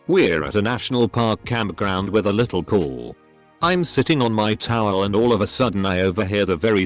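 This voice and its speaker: Male narrator, low and lively reading with soft music behind, for a story reading channel. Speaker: narrator reading forum posts. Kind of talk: scripted narration.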